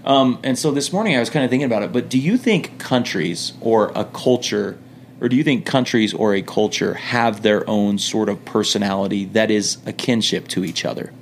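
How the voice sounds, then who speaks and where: A young American man, a former missionary, telling lively stories in a casual podcast chat and acting out quoted voices. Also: on the low side, normal speed, a little hiss or hum. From United States. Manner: animated storyteller, acts out quoted voices and laughs.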